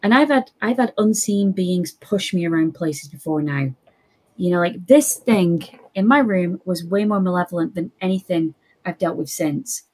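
A young woman telling a spooky personal story in casual chat, lively and quoting others. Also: on the low side, normal speed, breathy edge. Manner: animated, quotes others in voices.

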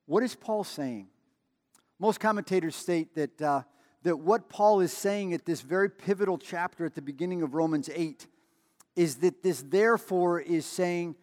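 A man's voice: a little high, long reverb tail. A man preaching a sermon in a conversational way, with emphatic repetition and storytelling asides. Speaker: pastor.

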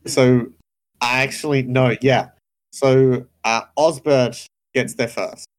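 A man's voice: medium pitch, fairly even intonation, takes it slowly. A man narrating a tabletop game as game master, casual and hesitant.

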